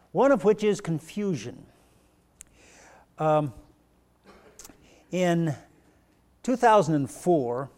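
A man with a high voice delivers a sermon. He tells a story with a few stumbles, then slows down and presses his points with emphatic rhetorical questions. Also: darkish tone. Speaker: preacher.

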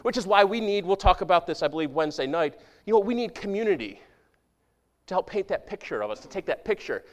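A man preaching a sermon as pastor, talking conversationally and asking his congregation questions, dropping to a hushed voice for quoted prayers and scripture. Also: sits high, animated, quick pace. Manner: drops to a hushed voice when quoting prayers and scripture.

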